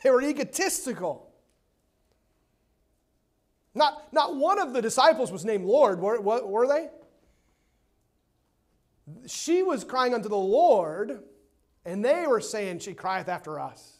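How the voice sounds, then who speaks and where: A man preaching a sermon in a church, emphatic, swinging between loud and hushed and repeating words to stress his points. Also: very high-pitched, big pitch swings, takes it slowly, pauses often. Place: church sanctuary.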